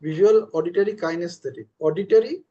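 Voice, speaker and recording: Male coach, quick, warm-toned, dull audio. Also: high-pitched. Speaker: life coach host. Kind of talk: casual online group call.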